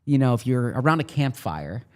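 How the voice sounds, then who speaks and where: A man's voice: mid-range voice, big pitch swings, normal speed, a little mellow. Male podcast co-host, sports beat reporter, casual and rambling delivery. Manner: rambling, many restarts and fillers.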